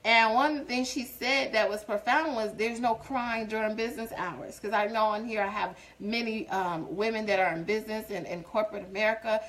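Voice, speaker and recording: A woman's voice: mid-range voice, a little fast, hardly any pauses, a bit bright, poor audio. A woman hosting a faith-based show, giving an informal devotional talk to viewers. She talks earnestly and builds to emphatic, preaching exhortation, streamed on a webcam or phone.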